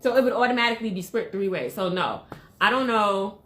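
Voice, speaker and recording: A woman's voice: mid-range voice, expressive, brisk, a bit bright. A woman co-hosting a casual podcast who laughs often and thinks aloud. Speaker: podcast co-host. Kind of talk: casual chat. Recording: roomy echo.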